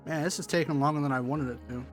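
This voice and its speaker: A man's voice: on the high side, steady tone, racing, faint music behind. A man streaming a game live, chatting casually and talking to himself while he plays, with offhand jokes. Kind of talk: casual live gameplay commentary.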